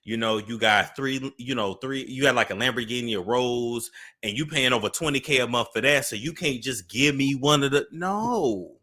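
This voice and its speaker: A man's voice: mid-range voice, fairly quick. A man chatting casually as a guest on a gossip show, joking and telling stories. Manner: lively, joking, storytelling. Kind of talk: casual celebrity gossip chat.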